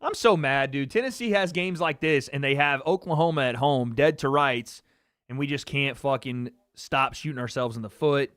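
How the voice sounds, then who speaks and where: A young man hosting a live watch-party stream, chatting casually and excitably, swearing freely as he reacts. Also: mid-range voice, moderate pace, no room sound, clean studio sound. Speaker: livestream host.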